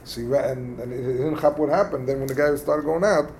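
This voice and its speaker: A man teaching a casual text study lesson, explaining passages in a halting, conversational way and acting out quarrels. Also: mid-range voice, darkish tone, slight background noise. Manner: halting, explains texts plainly and acts out quarrels. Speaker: religious teacher.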